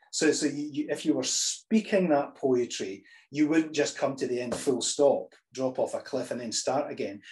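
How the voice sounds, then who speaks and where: A man teaching healthy, lively choral singing, talking through the ideas and breaking into sung examples with frequent restarts. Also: fairly high pitch. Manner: demonstrates phrases by singing, restarts often.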